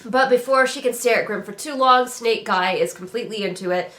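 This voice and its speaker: A woman's voice: a little high, a little fast, a bit bright, faint music behind. Sarcastic chatty woman in a roomy echo. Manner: sarcastic, chatty, many "like" fillers. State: voice a bit worn. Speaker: book reviewer. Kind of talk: sarcastic casual book critique.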